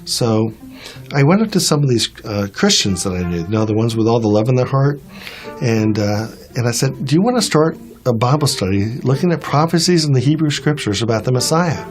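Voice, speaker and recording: A man's voice: medium pitch, expressive, fairly quick, faint music behind. A man telling his personal faith testimony in an earnest storytelling way, acting out the dialogue he quotes. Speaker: testimony speaker.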